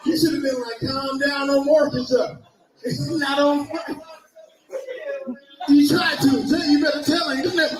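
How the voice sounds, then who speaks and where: A man cracking loud profane roasts, laughing and shouting as he jokes. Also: extremely high pitch, normal speed, reverberant, over loud music, low-quality recording. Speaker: comedian. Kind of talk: loud joking banter.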